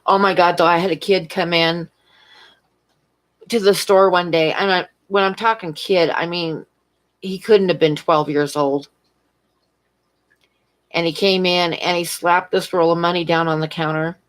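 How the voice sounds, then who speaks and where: A woman's voice: lowish voice, fairly even intonation, a little slow, long pauses, poor audio. A woman working as a convenience store clerk, chatting casually on a stream at home and telling stories with frequent laughter. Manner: rambling, chatty storyteller who laughs often. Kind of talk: casual chat on a live stream. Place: at home, near a fish tank.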